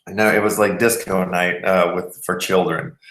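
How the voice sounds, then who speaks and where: Low-voiced guy hosting a podcast, rambles and restarts, echoey room. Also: flat delivery, moderate pace, a bit bright. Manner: rambling, restarts mid-sentence. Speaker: podcast host. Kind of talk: casual storytelling chat.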